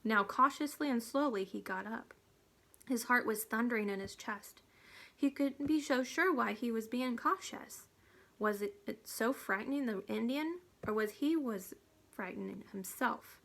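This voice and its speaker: Woman reader for a children's chapter book, slightly high voice, steady pace. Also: unhurried, vocal fry. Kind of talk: storybook read-aloud.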